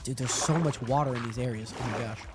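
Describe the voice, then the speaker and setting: A man's voice: mid-range voice, fast talker. A man livestreaming a game, chatting casually and rambling to his viewers as he plays. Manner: rambling, chatty, talks to chat viewers between game actions. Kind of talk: casual gaming livestream chat. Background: background music.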